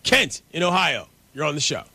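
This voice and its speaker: A male sports radio host with a notably high voice gives brisk, opinionated takes. The sound is dry and close, with no room around it. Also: sing-song, gravelly, bright, forceful tone, no echo.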